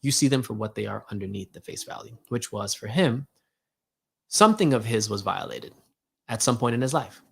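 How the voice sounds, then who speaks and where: Gravelly man telling a casual story. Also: fairly low pitch, moderate pace. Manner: casual slangy talk, many "like" and "yo" fillers; animated, acts out both sides of conversations. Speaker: host. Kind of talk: casual storytelling monologue with spiritual reflection.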